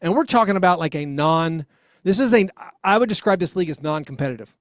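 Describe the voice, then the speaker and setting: Man, co-host, casual sports talk, fairly high voice, rambling with fillers, dry sound. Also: fast talker, no room sound. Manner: rambling, animated storytelling with fillers. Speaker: podcast co-host.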